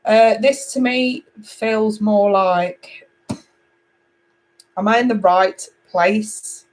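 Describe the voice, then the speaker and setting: A middle-aged woman from England reading tarot cards live, chatty and animated as she talks to viewers. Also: mid-range voice, extremely slow, low-quality recording. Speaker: tarot reader.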